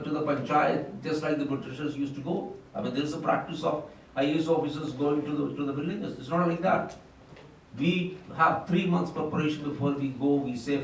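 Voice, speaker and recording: An older man with an Indian English accent speaks at a round table, telling emphatic stories from his career in government. His voice carries a heavy echo because he is far from the mic in a hall, with a faint noise underneath. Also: fairly high pitch. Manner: emphatic, anecdotal storytelling. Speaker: panel speaker, former civil servant and politician. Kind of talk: round table discussion remarks. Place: conference hall.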